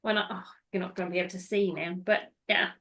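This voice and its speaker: A woman's voice: lowish voice, steady tone, quick pace, gravelly, fairly bright tone. A woman hosting a podcast, recapping a film in casual, rambling chat that goes off on tangents. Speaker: podcast host.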